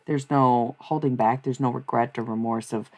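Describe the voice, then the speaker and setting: A young adult woman with a bass voice speaks at normal speed with fairly even intonation. As a streamer and tarot reader, she chats casually and bluntly with her live viewers, rambling and swearing as she swings from rants to laughter.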